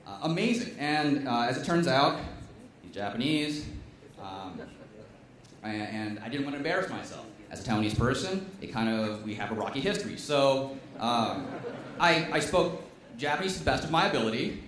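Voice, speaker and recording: A man tells a stand-up story on stage in a dry, self-deprecating way. His voice sits at an everyday middle pitch. The sound bounces heavily around a large, echoing room, with a faint hum of ambience underneath. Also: animated, moderate pace, a bit bright. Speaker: comedian. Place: stage at a live comedy show. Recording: echoey venue with faint ambience.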